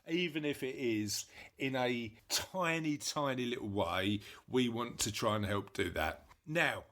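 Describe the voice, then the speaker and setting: A man's voice: mid-range voice, fairly bright tone. A man co-hosting a casual podcast, chatty and jokey as he explains how the show works. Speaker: podcast co-host.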